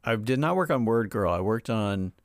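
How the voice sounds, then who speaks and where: A man's voice: lowish voice, expressive, normal speed, dry recording, clean studio sound. A man hosting a casual conversation, rambling and leaning heavily on filler words as he asks questions. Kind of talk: casual chat.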